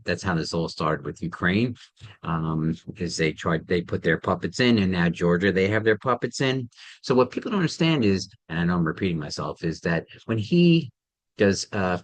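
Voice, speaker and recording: A tired man talking casually to camera, halting, with many ums and restarts. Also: low-pitched, dry recording. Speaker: vlogger.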